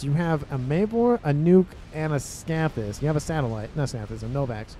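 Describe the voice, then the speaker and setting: Mellow-voiced man casting a strategy game. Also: a little high, animated, moderate pace, hardly any pauses, a little hiss or hum. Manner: rambling, self-correcting, with exasperated rhetorical questions. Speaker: game commentator. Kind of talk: casual video game commentary.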